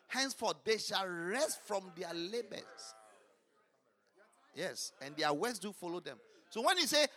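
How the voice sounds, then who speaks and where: A man preaching a fervent sermon, swinging between shouted lines and low murmurs.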